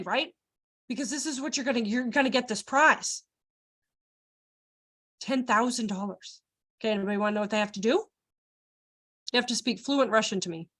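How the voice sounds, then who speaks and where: A young woman with a high voice leads a child care workshop. She jokes with her audience and acts out the voices of the children and adults she quotes. Her talk stays loose and lively from start to finish. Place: training workshop room.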